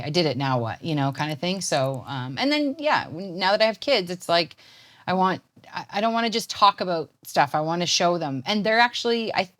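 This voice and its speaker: A Canadian woman in her thirties chats as an interview guest. Her voice sits a little low, and she rambles along with plenty of fillers and restarts. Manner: chatty, rambling with many fillers. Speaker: poet and guest. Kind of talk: casual interview chat.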